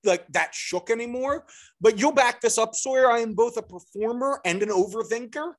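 A young man co-hosting a podcast, telling stories in a rambling, animated way with lots of fillers and restarts. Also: very high-pitched, normal speed. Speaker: podcast co-host. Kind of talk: casual storytelling chat.

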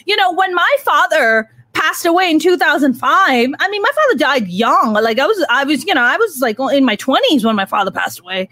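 Host, woman, forties: high, animated, blunt talker who swears freely, dry close recording. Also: fairly quick, hardly any pauses, dry recording. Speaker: podcast host. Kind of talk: casual chat.

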